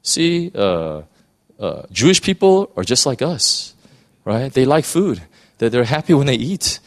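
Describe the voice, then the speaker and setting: A man's voice: medium pitch, big pitch swings, a little slow. A man preaching a sermon in a conversational, storytelling way, with frequent restarts and fillers.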